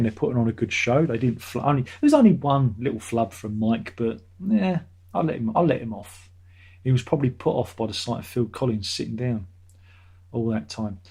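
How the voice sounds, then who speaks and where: A man's voice: medium pitch, a little mellow, breathy edge. A middle-aged man hosting a casual live stream, reading out chat messages and rambling sarcastically, often laughing at his own jokes.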